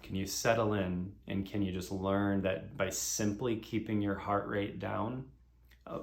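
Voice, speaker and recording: A man in his thirties talks through relationship advice in a calm, earnest monologue. His voice sits low with a gravelly texture. The room around him is noticeably echoey. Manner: calm, earnest, slow and deliberate. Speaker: speaker sharing relationship advice. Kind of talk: reflective monologue.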